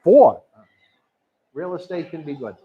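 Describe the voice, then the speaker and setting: A chatty male host rambling through a wrestling watch-along in a high, very animated voice. The recording sounds a bit dull and lo-fi. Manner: chatty, rambling, quick to laugh.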